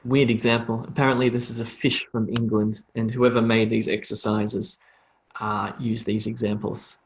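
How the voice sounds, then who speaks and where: A man's voice: lowish voice, flat delivery. A man with an Australian accent teaching English pronunciation in a live online lesson, drawing out model phrases for students to repeat. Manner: slow, drawn-out model phrases for repetition.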